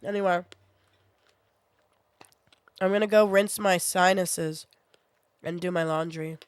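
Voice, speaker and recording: A woman's voice: on the low side, fairly even intonation, clear, resonant tone, dry recording. A young woman streamer, sick with a sore throat, chatting casually and venting bluntly with plenty of swearing. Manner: blunt, swears often, quick to vent.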